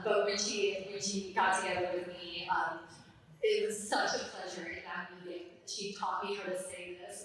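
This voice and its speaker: A woman's voice: medium pitch, a bit bright, slight background noise. A woman hosting a live event, speaking gratefully with many fillers. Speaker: event host. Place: large hall. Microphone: distant room mic. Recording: echoey hall from far off.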